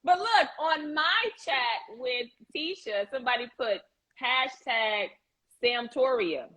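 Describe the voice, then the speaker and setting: Woman hosting a live stream, husky voice that jumps all over, teasing and bubbly. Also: high voice, lively intonation, bright, forceful tone, poor audio. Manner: bubbly, teasing, quick to laugh. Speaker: livestream host. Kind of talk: casual live chat with viewers.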